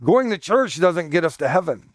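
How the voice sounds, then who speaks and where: Middle-aged man, pastor, conversational sermon, emphatic, somewhat high voice, dry close sound. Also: very animated, moderate pace, dry recording. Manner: emphatic, repeats points, folksy asides.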